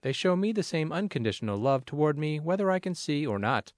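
A man reads his own essay aloud, measured and plainspoken. His pitch rises and falls freely from phrase to phrase, and the recording is dry and close with almost no room sound. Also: sing-song, no echo. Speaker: narrator. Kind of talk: reading a personal essay aloud.

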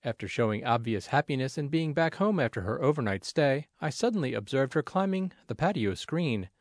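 A man reads his own essay aloud, measured and plainspoken. His pitch rises and falls freely from phrase to phrase, and the recording is dry and close with almost no room sound. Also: lively intonation, no echo. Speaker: narrator. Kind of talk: reading a personal essay aloud.

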